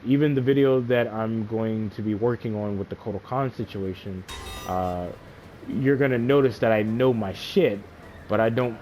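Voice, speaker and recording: A man's voice: lowish voice, darkish tone, a little hiss or hum. A man giving a casual gameplay tutorial as a fighting game player, explaining loosely and often checking in with the listener.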